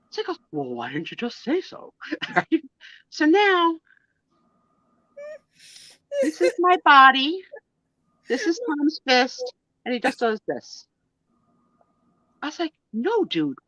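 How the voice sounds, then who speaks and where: Lively, bright-voiced middle-aged woman storyteller. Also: high-pitched, takes it slowly, pauses often, no echo, dull audio. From United States. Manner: animated, laughing, acts out quoted lines. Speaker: host. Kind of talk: casual live-stream storytelling.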